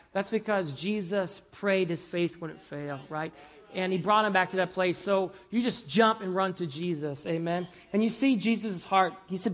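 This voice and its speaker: Man preaching a conversational sermon. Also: high voice. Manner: conversational, asks the congregation "right?" and "amen?"; swings between loud emphasis and soft, hushed lines. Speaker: pastor.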